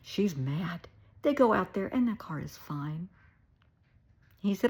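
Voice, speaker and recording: Gravelly, husky Southern woman therapist. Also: medium pitch, slow, pauses often. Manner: animated, emphatic storytelling with wry asides. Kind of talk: storytelling advice video.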